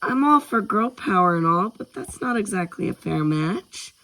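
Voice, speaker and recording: A man's voice: sits high, animated, moderate pace, sharp tone, voice pushed up, full character voice, rough recording. A man voicing a confident, witty girl with a teasing, smug way of talking.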